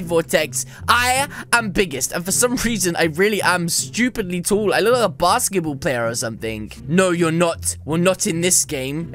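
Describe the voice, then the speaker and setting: A man giving jokey, excitable gameplay commentary and teasing other players as he goes. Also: very high voice. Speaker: gaming YouTuber.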